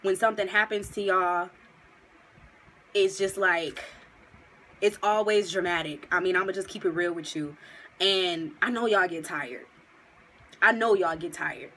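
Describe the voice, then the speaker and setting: A woman's voice: mid-range voice, fairly bright tone, a little hiss or hum, poor audio. Emphatic, slangy woman reading tarot. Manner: slangy and emphatic, speaks directly to viewers; gets emotional, near tears. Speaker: tarot reader. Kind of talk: casual tarot reading vlog.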